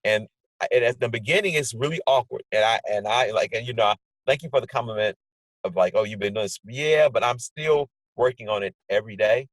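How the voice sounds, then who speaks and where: Husky-voiced man, animated storyteller on a video call, dry close sound. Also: medium pitch, brisk, no echo, low-quality recording. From Portland area, USA. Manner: animated storyteller, acts out his own inner dialogue. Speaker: guest. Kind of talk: casual conversation over video call. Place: indoors at home, sunny day. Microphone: video call setup.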